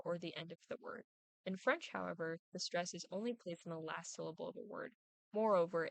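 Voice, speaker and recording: A young woman, a student, reading her prepared class presentation aloud, deliberately overemphasizing stressed syllables in her examples. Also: lowish voice, dry recording, poor audio.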